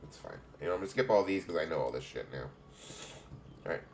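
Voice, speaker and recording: Deep-voiced man mumbling wry game asides. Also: animated, fast, vocal fry, a little mellow, a little hiss or hum. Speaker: game streamer. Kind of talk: casual gameplay commentary.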